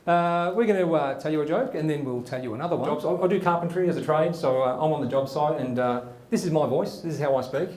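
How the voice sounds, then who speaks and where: A man's voice: fairly high pitch, quick pace, few pauses, a little mellow, reverberant. A man hosting and doing stand-up, talking casually with many fillers. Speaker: host and comedian. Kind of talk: stand-up comedy.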